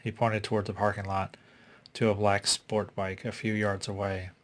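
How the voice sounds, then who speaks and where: A man reading a suspense story aloud in a steady, unhurried way. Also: on the low side. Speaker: reader. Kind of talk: audiobook story narration.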